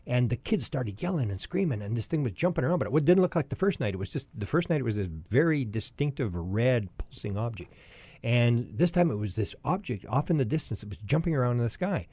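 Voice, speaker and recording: Speaking quickly, with a breathy edge to his mid-range voice, this Canadian podcast guest in his sixties spins a long, lively personal anecdote. He frequently starts sentences over, and the audio sounds dry.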